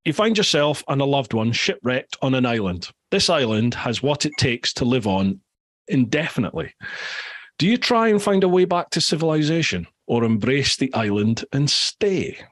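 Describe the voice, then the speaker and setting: A man's voice: medium pitch, very animated, moderate pace, a bit bright. A middle-aged British man hosting a podcast, chatting casually and reading out listener questions. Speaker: podcast host. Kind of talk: casual chat.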